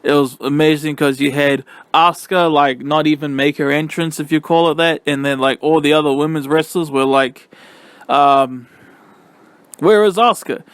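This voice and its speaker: A young man casually reviewing a wrestling event, excitable and rambling with lots of fillers. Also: fairly high pitch, moderate pace, few pauses, clean tone, no room sound.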